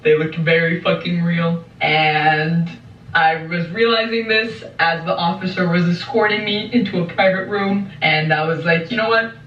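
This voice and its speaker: A woman's voice: fairly low pitch, steady tone, normal speed, a little hiss or hum. Young woman doing a storytime, cussing, acting out everyone, sounds far off in an echoey room. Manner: dramatic retelling with heavy swearing and mimicked voices. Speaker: YouTuber telling a story. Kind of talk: animated storytime vlog. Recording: roomy, distant, dull lo-fi sound.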